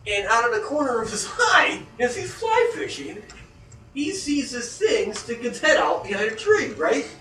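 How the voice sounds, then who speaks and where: Animated, profane man telling a story. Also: extremely high pitch, normal speed, a little hiss or hum. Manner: profane, animated storyteller who acts out scared reactions. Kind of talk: casual storytelling. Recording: echoey room heard from a distance.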